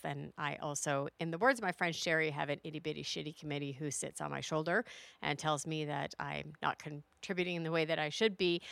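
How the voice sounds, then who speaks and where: A middle-aged woman hosts a solo podcast with a low voice and a gravelly edge. Her tone is bright and forward, and she speaks in an earnest, heartfelt way. The close mic sounds dry, with no room around it. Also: no echo. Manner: earnest, heartfelt, building to a rousing finish. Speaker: podcast host.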